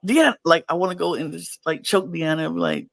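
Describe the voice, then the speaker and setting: A man co-hosting a podcast, gushing about reality TV in an excitable, animated way. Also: a little high, fast talker, vocal fry, no room sound. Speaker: podcast co-host. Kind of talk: casual reality TV recap chat.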